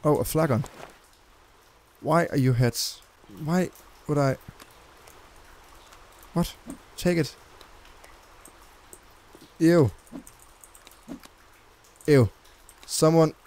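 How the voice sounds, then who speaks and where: A man's voice: on the high side, extremely slow, pauses often, a little mellow. A man giving crude, jumpy commentary while playing a game, with constant squeamish reactions and swearing. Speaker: let's play gamer. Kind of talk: gameplay commentary.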